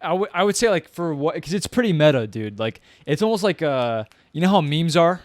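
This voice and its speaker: Young dude chatting about a movie, rambly, lots of likes and ums, dry close sound. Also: male voice, a little high, sing-song, fairly quick, no echo. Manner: rambling, slangy, many fillers and restarts. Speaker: movie reviewer. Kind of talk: casual movie review chat.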